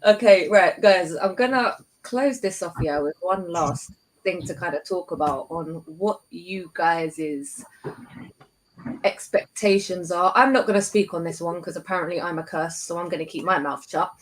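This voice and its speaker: A woman's voice: on the low side, normal speed, low-quality recording. Chatty woman hosting a football stream. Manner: chatty, many fillers, easy laughter. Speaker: host. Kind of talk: casual football chat on a stream.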